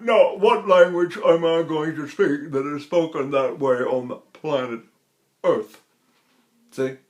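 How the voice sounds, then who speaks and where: An older man teaching vocal technique in a lecture, talking in an animated, demonstrative way and breaking into sung examples. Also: fairly high pitch, slow pace.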